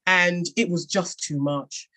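A woman's voice: on the low side, fairly even intonation, takes it slowly, pushed and bright. Earnest English woman telling her story. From England. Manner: earnest and reflective, with frequent restarts. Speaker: podcast guest and author. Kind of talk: personal storytelling in a podcast interview.

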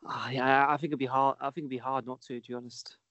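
A man co-hosting a casual chat who talks quickly, stammers into restarts and trails off softly. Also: mid-range voice, flat delivery, no echo. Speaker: podcast co-host. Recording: slightly dull lo-fi sound.

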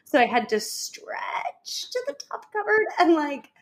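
A woman's voice: sits high, very animated, unhurried. A woman hosting a podcast in loose, chatty talk, giggling and running off on tangents. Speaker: podcast host. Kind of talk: casual podcast chat.

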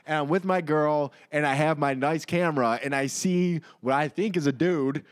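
A man's voice: fairly high pitch, normal speed, clean tone. A young man in casual podcast chat, joking around and swearing as he tells an awkward story. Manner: joking, interjects, swears freely.

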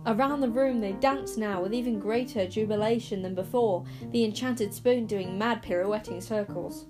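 A woman's voice: medium pitch, moderate pace, over music, poor audio. A woman reading an audiobook as narrator, telling the story expressively. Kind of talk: scripted narration.

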